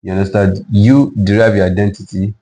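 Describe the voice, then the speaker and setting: A man co-hosting a faith-based conversation, speaking in a measured, preaching manner. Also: lowish voice, level tone, mellow, slight background noise. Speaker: co-host.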